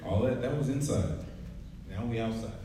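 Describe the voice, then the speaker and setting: A man's voice: medium pitch, normal speed, dark tone. Man in his 40s preaching, casual and joking, heard from a distance in a very echoey church. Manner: conversational, joking, laughs often. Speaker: preacher and track coach. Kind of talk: sermon. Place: church sanctuary. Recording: echoey hall, mic at a distance.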